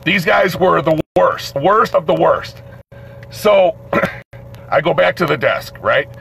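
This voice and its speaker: A man hosting a live show, telling a story in an animated way, swearing and acting out the voices in it. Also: a little high, slow pace, gravelly. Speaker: host. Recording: dull lo-fi stream audio with faint noise.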